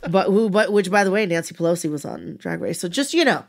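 A woman's voice: fairly low pitch, quick pace, gravelly. Laughing, foul-mouthed podcast woman. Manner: candid, swears freely, laughs often. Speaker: podcast co-host. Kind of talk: casual podcast chat.

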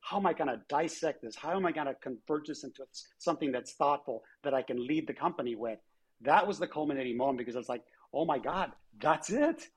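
A man's voice: medium pitch, fast, breathy edge. A man, a former airline chief executive, telling anecdotes in an interview and acting out the dialogue he quotes. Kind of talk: conversational storytelling interview.

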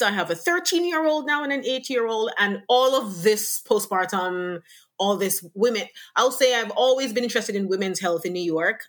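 A woman from Jamaica speaks with a Jamaican accent, chatting casually as an interview guest. She tells her stories with energy and slips into the voices of the people in them. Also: mid-range voice. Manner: animated storyteller who acts out quoted exchanges.

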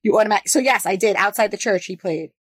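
A woman co-hosting a podcast, telling animated stories in a casual, excitable way. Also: medium pitch, fast talker, no echo. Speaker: podcast co-host. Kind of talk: casual chat.

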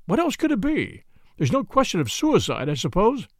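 A man's voice: high voice, wildly swooping pitch, moderate pace, no echo, clean studio sound, voice pushed up, exaggerated voice. An actor playing a nervous young male secretary, asking agitated questions in a raised voice. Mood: anxious, puzzled.

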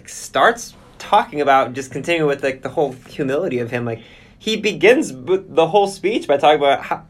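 A man hosting an interview, asking rambling questions in a casual way. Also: mid-range voice. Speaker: host. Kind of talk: interview conversation.

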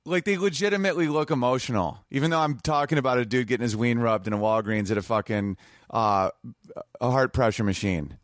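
A man who is a comedian guest, telling crude stories in casual podcast chat, lively and breaking into sung bits. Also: medium pitch, brisk, no room sound, studio quality. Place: home man cave.

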